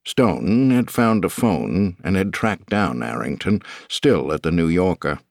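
A man reading an audiobook as its narrator, in a measured, expressive way. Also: low voice, creaky, no room sound, studio quality. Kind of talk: scripted narration.

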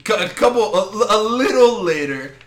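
A man in casual podcast chat, retelling a comic book with lots of swearing and quick acted-out lines. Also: sits high, reverberant, over a noisy crowd. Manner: animated, swears freely, acts out characters' lines.

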